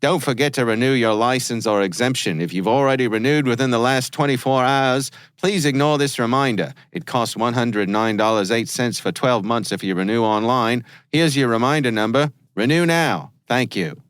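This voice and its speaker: A man putting on a deliberately clumsy mix of Australian and New Zealand accents to read out a scam email. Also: mid-range voice, clear, resonant tone, no room sound, studio quality, lightly acted. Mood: mock official. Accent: mixed Australian and New Zealand imitation.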